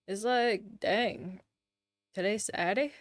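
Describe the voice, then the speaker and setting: Sleepy and playful, a woman chats casually with her live-stream chat, teasing in slangy language. Her voice is medium in pitch and her pace slow, and she sings snatches of songs between the chatter.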